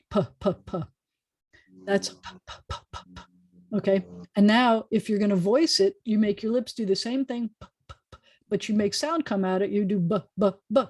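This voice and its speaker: A woman's voice: mid-range voice, darkish tone, no room sound. American woman rabbi teaching over video call. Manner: patient, chatty teacher demonstrating sounds aloud. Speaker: rabbi teaching a beginner Hebrew class. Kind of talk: online language lesson. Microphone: desk microphone on a video call.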